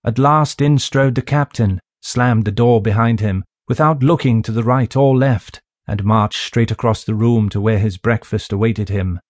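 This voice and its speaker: A man narrating a classic novel in a measured, even storytelling manner. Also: fairly low pitch, dry recording. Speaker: audiobook narrator. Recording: dry close studio sound.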